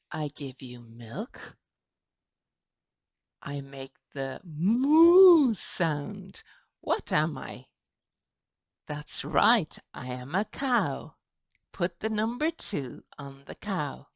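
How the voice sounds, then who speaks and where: A woman teacher talking slowly and clearly to young children in a sing-song way, with animal noises. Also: sits low, a bit bright, no room sound. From Ireland. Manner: slow, sing-song, with animal sound effects. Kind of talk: slow children's lesson. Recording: dull lo-fi, dry.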